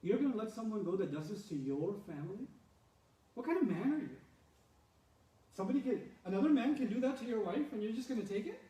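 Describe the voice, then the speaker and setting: A man voicing a scheming noblewoman who plays the victim and goads her husband, with a shrill, melodramatic, taunting manner. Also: fast, few pauses, mellow, echoey room, distant mic, low-quality recording.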